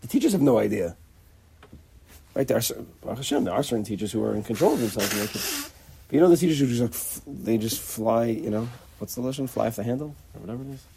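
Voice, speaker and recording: A man giving an informal religious lecture in a halting way, often repeating words and acting out little dialogues. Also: mid-range voice, lively intonation, creaky, mellow, slight background noise. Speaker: religious teacher.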